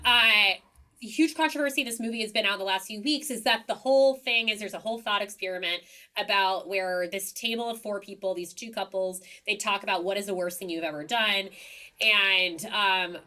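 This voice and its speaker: Bright-voiced chatty woman recapping TV. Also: mid-range voice. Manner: chatty, animated storytelling with many likes and ums. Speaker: podcast co-host. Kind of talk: casual TV recap chat.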